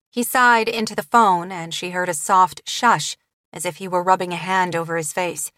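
Brief: woman audiobook narrator, mid-range voice, steady measured read, dry booth sound. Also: medium pitch, no echo. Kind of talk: scripted narration.

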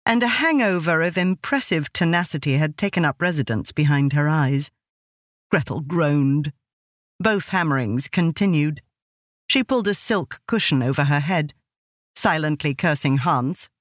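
A woman narrating an audiobook in a measured, expressive storytelling manner. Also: sits low, dry recording, studio quality. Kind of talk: scripted narration.

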